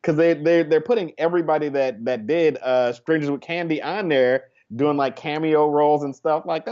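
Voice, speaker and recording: A man's voice: a little high, normal speed, few pauses, darkish tone, highs cut off. A man, a comedian guest on a talk show, talking in a loose, rambling, slangy way. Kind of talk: casual comedy interview.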